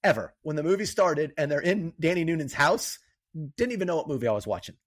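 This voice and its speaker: A man with a somewhat high voice talks casually about a film as a podcast co-host. His delivery is loose and chatty, with quick bursts. The sound is dry and close, with no room echo. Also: big pitch swings. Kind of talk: casual movie chat.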